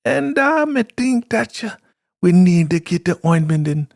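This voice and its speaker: A man voicing an anxious older woman in a squeaky, shrill, pleading voice. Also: big pitch swings, measured pace, creaky, dry recording, clean studio sound, exaggerated voice.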